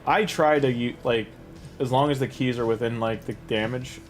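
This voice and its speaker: A man's voice: mid-range voice, moderate pace, faint music behind. A man casually commenting a live game stream in a chatty, rambling way, talking to his chat and laughing easily.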